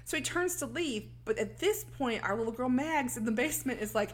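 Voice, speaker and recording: A podcast co-host recaps a film in a casual chat, animatedly retelling the story and acting out the characters' lines. Her voice is a little high, expressive, and brisk.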